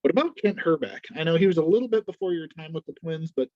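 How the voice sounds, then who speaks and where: A man's voice: a little high, expressive, fast, no echo. Man with a dull, dry lo-fi sound. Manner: brief, to-the-point prompts. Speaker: podcast host. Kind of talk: interview, quick-fire prompts.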